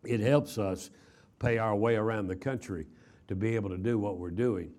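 A man's voice: fairly low pitch, moderate pace, darkish tone. An older man from Texas preaching a chapel sermon, telling stories in a folksy way with frequent fillers and repeated words. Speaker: traveling preacher.

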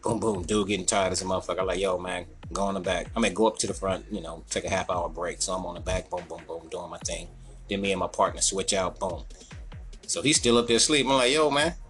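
Man, low voice, casual profane storytelling, faint music behind. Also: quick pace. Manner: profane, animated, acts out quotes in a higher voice.

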